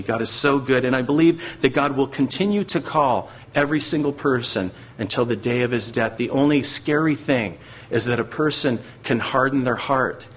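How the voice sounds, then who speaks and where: Male pastor, middle-aged, earnest sermon delivery, moderate pitch. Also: fairly bright tone, husky. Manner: earnest, acts out voices of God and Satan.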